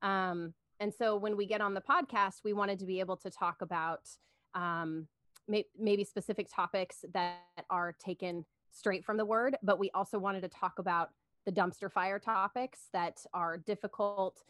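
A woman's voice: mid-range voice, steady tone, normal speed, fairly bright tone, no room sound, studio quality. A woman guesting on a faith podcast, talking about her own show in an earnest way with frequent giggles. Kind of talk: casual faith-based podcast chat.

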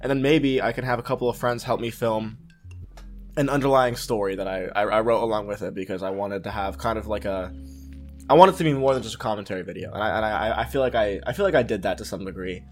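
A young man, a film student and YouTuber, chatting as a guest on a casual podcast, excitable, swearing and restarting his sentences often. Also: fairly low pitch, fast, soft background music. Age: young adult.

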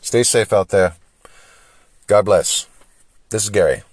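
Deep-voiced man lecturing in rhetorical questions. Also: slow pace, dry recording, clean studio sound. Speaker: podcast host. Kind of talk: solo opinion monologue.

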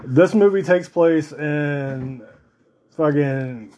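A man's voice: fairly high pitch, drawn-out words, dark tone. A man hosting a podcast in casual chat, rambling and swearing now and then. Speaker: podcast host.

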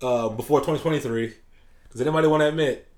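A man co-hosting a casual podcast, joking and animated, often acting out quoted people. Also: medium pitch, quick pace. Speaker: podcast co-host. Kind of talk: casual chat.

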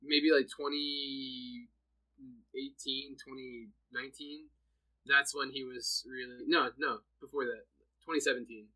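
Bright-voiced young man telling stories. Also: medium pitch, steady tone, measured pace, low-quality recording. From New Jersey. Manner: laughs often, storytelling with many "like"s. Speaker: podcast guest. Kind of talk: casual chat.

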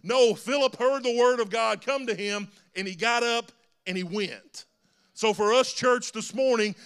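A man's voice: sits high, moderate pace, a bit bright, clear, resonant tone. A man preaching a sermon in a church, earnest and rising to emphatic calls. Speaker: pastor. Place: church sanctuary.

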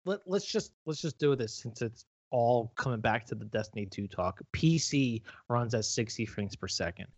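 A young man co-hosting a casual podcast, excitable and jokey, quick with stories. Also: mid-range voice, dry recording, lo-fi sound. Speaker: podcast co-host. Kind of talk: casual chat.

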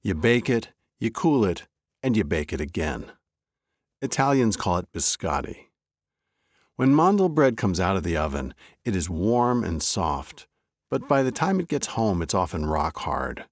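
Deep, slow, wry male storyteller. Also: big pitch swings, no room sound, clean studio sound. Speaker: host and storyteller. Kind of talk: scripted story narration.

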